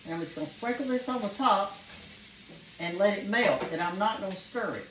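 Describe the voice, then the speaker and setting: Southern woman host, older, folksy kitchen chat, sizzling pan clearly behind her. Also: mid-range voice, animated, a little fast, noisy background. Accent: Southern American. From American South. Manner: folksy, homey, talks to viewers as y'all and honey. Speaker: cooking show host. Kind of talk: chatty home cooking demonstration. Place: home kitchen. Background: frying and sizzling of cooking.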